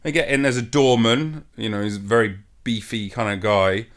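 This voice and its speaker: A man's voice: fairly low pitch, fairly even intonation, moderate pace, fairly bright tone. A man, a podcast host, telling a long anecdote in casual chat, swearing freely and acting out what others said.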